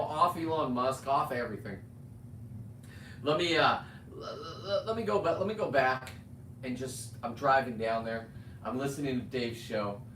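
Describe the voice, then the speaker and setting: A man's voice: medium pitch, a bit bright, recorded from a distance. A middle-aged man rambles through a blunt livestream rant, tripping over restarts and dropping the odd swear. He sits back from the mic in a roomy space, with a faint hum of ambience behind him. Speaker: livestream host. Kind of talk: ranting livestream monologue.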